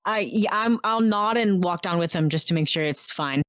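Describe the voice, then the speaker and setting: A woman's voice: fairly low pitch, normal speed, no echo. A woman playing a tabletop game, stating her actions in short, plain turns. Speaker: player. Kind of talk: casual play at a tabletop game.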